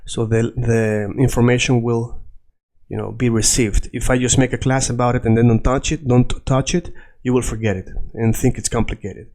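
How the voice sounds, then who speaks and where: A man teaches a language lesson in English. He speaks patiently and repeats each word so learners can follow. His voice sits at an ordinary middle pitch. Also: level tone, normal speed, darkish tone. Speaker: Spanish teacher.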